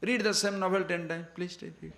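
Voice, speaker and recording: A man's voice: high voice, steady tone, fairly quick, gravelly, a bit bright, reverberant. A man giving a scripture discourse to a class as a spiritual teacher, emphatic and full of rhetorical questions.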